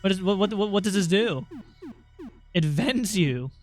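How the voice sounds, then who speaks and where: A young man streaming a video game, chatting casually, swearing, getting excited and reading the game's text aloud. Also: high-pitched, a little slow, faint music behind. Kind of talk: casual gameplay commentary.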